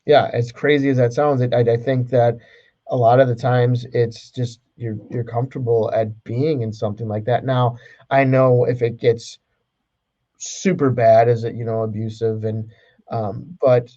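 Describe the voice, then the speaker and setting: Mellow-voiced man chatting hesitantly. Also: mid-range voice, little pitch movement, moderate pace, muffled recording. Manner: hesitant, many fillers and restarts. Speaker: podcast co-host. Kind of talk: casual chat.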